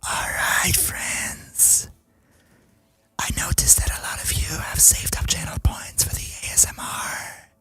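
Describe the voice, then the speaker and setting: A man putting on a breathy ASMR whisper for a whispered role-play, hushing an excited esports commentary as a game streamer. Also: measured pace. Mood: hushed hype. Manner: hushed, playful hype.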